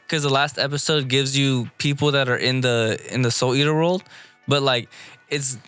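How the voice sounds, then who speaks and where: Bright, dry-sounding man rambling casually. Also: on the high side, clear, resonant tone, dry recording. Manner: rambling, lots of fillers. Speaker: podcast co-host. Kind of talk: casual chat.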